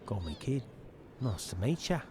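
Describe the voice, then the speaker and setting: A man's voice: medium pitch, big pitch swings, moderate pace, background noise, lightly acted. A man reading the lines of a cocky young female thief aloud while playing, in his own plain voice without an accent. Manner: reads game dialogue aloud in a plain voice, no accent. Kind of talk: reading game dialogue aloud.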